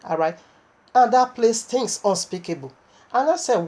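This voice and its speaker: Woman preaching hard, kinda high voice, keeps repeating and restarting. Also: very animated, a little slow, creaky. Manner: impassioned, repetitive, with stammering restarts. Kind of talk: sermon recounting a vision.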